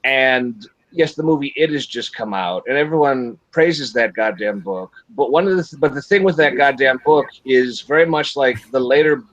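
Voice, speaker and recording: A man's voice: medium pitch, dry recording. Male host, casual, blunt and profane, dry muffled stream audio. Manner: blunt, profane, animated, acts out quotes. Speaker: podcast host reviewing a film. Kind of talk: casual livestream discussion. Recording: dry, dull lo-fi livestream audio.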